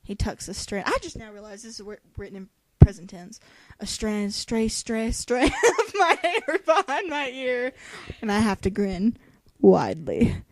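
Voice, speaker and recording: A woman's voice: fairly high pitch, very animated, measured pace, noisy background. A young woman reading a novel aloud in a dramatic voice, breaking off for sarcastic jokes. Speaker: reader.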